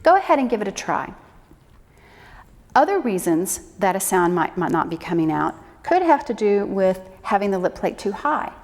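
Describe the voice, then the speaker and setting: A woman's voice: medium pitch, sing-song, moderate pace. A woman flute instructor giving an encouraging, demonstrative lesson for beginners. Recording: echo with long reverb.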